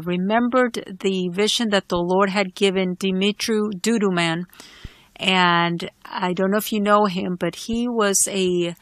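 A woman's voice: medium pitch, fairly bright tone, no echo. A woman host solemnly and earnestly telling a personal religious testimony. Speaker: Christian podcast host.

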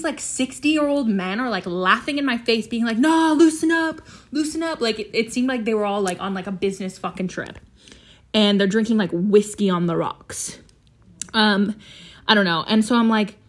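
A teenage girl talks on her own casual chat show. She rambles from one thing to the next with plenty of fillers and swears freely. Her voice sits in an ordinary middle pitch for a woman. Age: teens. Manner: chatty, swears often, lots of fillers. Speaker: podcast host.

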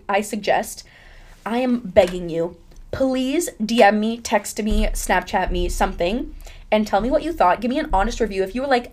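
Chatty young woman podcast host. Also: medium pitch. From United States. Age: young adult. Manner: chatty, rambling, full of fillers and laughs. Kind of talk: casual chat.

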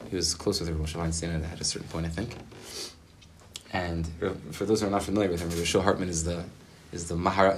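A man's voice: sits low, slight background noise. A man, a rabbi, gives a spontaneous Torah talk to a gathering, speaking casually and rambling with many fillers and Hebrew terms. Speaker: rabbi teaching a weekly gathering. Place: group gathering in a room.

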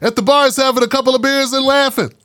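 A man with a high voice talks straight to his audience in a loose, sarcastic monologue, full of slang and mocking asides. His voice is close and dry, with no room around it. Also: steady tone, quick pace, a bit bright, no echo. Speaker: political commentary host. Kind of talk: casual commentary monologue.

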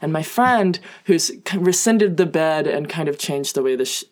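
A woman's voice: sits low, lively intonation, moderate pace. A young woman telling comic personal stories in a casual, self-deprecating way, full of fillers. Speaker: guest storyteller.

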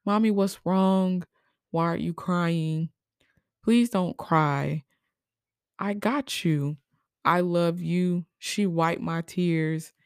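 Young woman, low voice, dry close sound, emotional, halting, teary podcast talk. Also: a little mellow, no room sound. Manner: emotional, halting, many fillers. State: crying at times. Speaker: podcast host. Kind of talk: personal reflective monologue.

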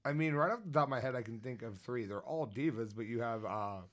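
A man's voice: medium pitch, fast, a bit bright. A man co-hosting a podcast, casual and profane, explaining at length. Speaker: podcast co-host.

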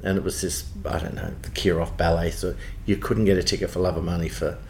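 A man in his sixties in an interview, telling lively anecdotes and acting out quoted lines. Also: sits low, fast, slight background noise. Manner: animated anecdotes with acted-out quotes. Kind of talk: storytelling interview.

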